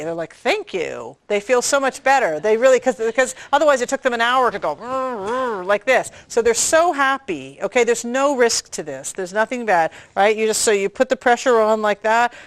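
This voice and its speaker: A Canadian midwife teaches a prenatal class in a slightly high voice, recorded dry. She's chatty and hands-on, demonstrating as she goes and checking in with her listeners, often with an "okay?"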